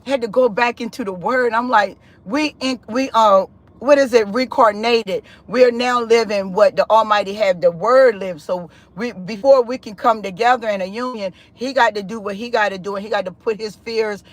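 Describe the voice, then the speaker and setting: A woman in an animated spiritual testimony on a live stream, chatty and expressive, often calling the listener "honey" and "sis". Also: moderate pace, few pauses. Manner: expressive and chatty, with big pitch swings and laughter; loose conversational speech with frequent "honey" and "sis".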